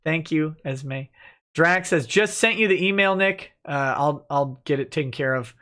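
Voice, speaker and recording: A man hosting a casual livestream who reads viewer comments aloud and answers them with dry, joking asides. His voice sits a little high for a man, and his talk is loose and easygoing, sprinkled with "uh". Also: a little slow. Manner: relaxed and joking, with frequent "uh" fillers. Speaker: lawyer and livestream host.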